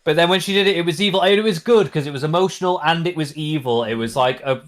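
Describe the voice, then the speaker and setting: Casual podcast co-host, man, slightly high pitch, rambling animated storyteller. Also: fast. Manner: rambling, animated plot retelling with many fillers. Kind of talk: casual chat.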